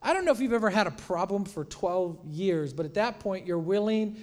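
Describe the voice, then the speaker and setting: Guy preaching, chatty sermon style, acts out the quotes, kinda high voice. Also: a little fast, in a large hall. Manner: conversational, animated retelling with acted-out quotes. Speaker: pastor.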